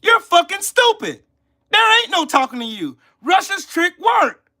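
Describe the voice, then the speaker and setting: A man's voice: very high-pitched, big pitch swings, a little slow, pushed and bright. A man hosting a livestream, ranting with heated profanity and scolding people in his chat. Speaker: channel host. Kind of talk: livestream commentary rant.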